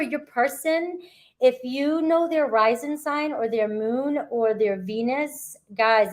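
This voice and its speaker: A woman giving a casual tarot reading outdoors at the beach, chatty and checking in with her viewers. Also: on the high side. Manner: chatty, frequent "all right?" and "okay?" check-ins. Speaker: tarot reader.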